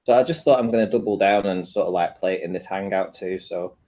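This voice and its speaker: A man's voice: low voice, fast talker, dull audio. A man chatting casually on an online video call, talking in a dry, matter-of-fact and defiant way.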